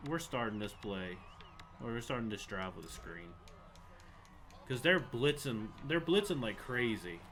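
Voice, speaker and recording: Ranting and cursing over the plays, a young gaming channel host gives live commentary on a football video game. His mid-range voice is expressive and fairly bright, and he takes his time.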